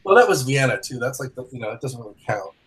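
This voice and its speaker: A man's voice: medium pitch, very animated, fast, fairly bright tone, low-quality recording. An American man hosting a podcast, chatting casually and joking, often laughing. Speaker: podcast host. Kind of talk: casual chat.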